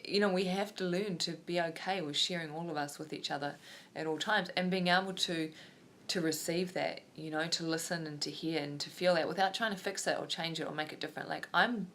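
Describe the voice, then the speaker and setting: A woman's voice: deep voice, steady tone, fairly quick, a bit bright, slight background noise. A woman, a yoga teacher talking openly and reflectively in a personal vlog, wandering with many fillers.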